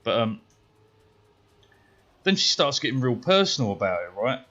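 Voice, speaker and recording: British male streamer, casual and profane storyteller, animated, middling pitch, a bit muffled. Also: moderate pace. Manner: profane, swears constantly; animated, gets louder and higher when worked up. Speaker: gaming streamer.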